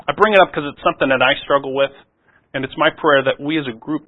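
A man preaching a sermon in an earnest voice, rising to loud pleading and dropping to soft, low asides. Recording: phone-like narrow sound.

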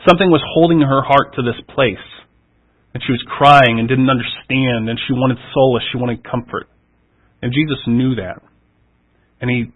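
A man reading scripture aloud and then preaching on it, earnest and reflective, leaning into key words and then letting his voice fall soft. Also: mid-range voice, low-quality recording.

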